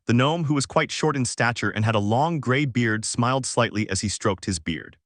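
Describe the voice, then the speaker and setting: A man reading a fan fiction story aloud in an even, steady storytelling manner. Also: medium pitch, normal speed, dry recording, clean studio sound. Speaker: narrator.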